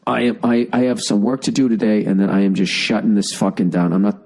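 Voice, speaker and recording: A man's voice: on the low side, level tone, fast talker, a little mellow, low-quality recording. A man hosting a podcast, reading a listener email and giving blunt, profane advice in a rambling comedic rant with a Boston accent, while fighting a cough.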